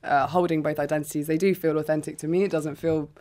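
A woman's voice: sits low, fairly even intonation, fast, mellow. A woman from England with Irish parents, a writer and performer answering questions in a radio studio, self-deprecating and giggly, with many fillers. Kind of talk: radio interview.

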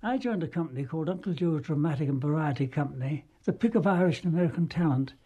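Older male ex-actor, husky and warm, amused rambling recollection. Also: a little high, lively intonation, fast talker, lo-fi sound. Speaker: former travelling actor. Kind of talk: anecdotal reminiscence.

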